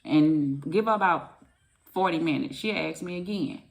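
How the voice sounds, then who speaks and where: A woman's voice: lowish voice, moderate pace, gravelly. A middle-aged woman, doing a chatty casual tarot reading and calling her viewers baby and honey. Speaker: tarot reader.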